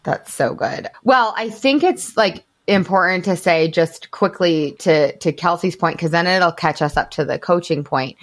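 Low-voiced woman telling a candid story. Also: a little slow, hardly any pauses. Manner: candid storytelling, frequent "like" fillers, occasional swearing. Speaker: podcast host and life coach. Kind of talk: casual podcast conversation.

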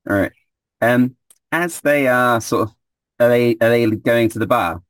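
A man playing in a tabletop game who talks in a relaxed way, laughing often and using plenty of fillers. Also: mid-range voice, unhurried, no echo. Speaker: player. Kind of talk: casual tabletop play.

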